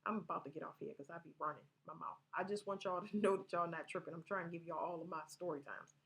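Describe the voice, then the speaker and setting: A woman's voice: on the low side, steady tone, quick pace, gravelly. A woman vlogger telling personal stories to her viewers in a loose, rambling way, swearing freely and laughing as she talks. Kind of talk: casual storytelling to viewers.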